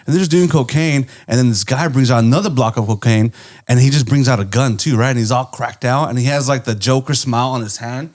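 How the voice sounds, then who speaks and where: A man's voice: mid-range voice, fast talker. A man co-hosting a podcast, telling a story in a laid-back way, laughing often and swearing casually. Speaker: podcast co-host. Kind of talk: casual chat.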